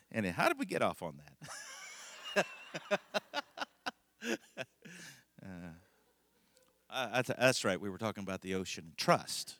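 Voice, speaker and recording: Folksy pastor man, bright and dry. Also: mid-range voice, big pitch swings, a little slow, long pauses, no room sound. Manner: rambling, folksy storytelling with frequent laughs and restarts. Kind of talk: conversational sermon.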